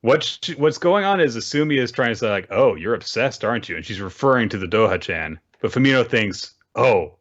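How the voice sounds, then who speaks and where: A man co-hosting a casual recap podcast, explaining plot points and correcting details in a measured way. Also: mid-range voice, lively intonation, a bit bright, muffled recording. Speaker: podcast co-host.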